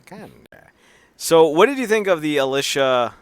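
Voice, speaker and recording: A man's voice: a little high, animated, normal speed, clear, resonant tone, no echo. A man co-hosting a casual wrestling podcast, cracking profane jokes and acting out quotes in silly voices. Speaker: podcast co-host.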